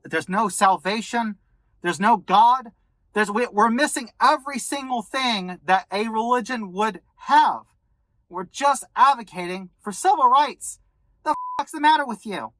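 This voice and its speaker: A woman's voice: medium pitch, a bit bright, no room sound, low-quality recording. A woman vlogger delivering an angry, profane commentary rant to her viewers. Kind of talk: ranting commentary to camera.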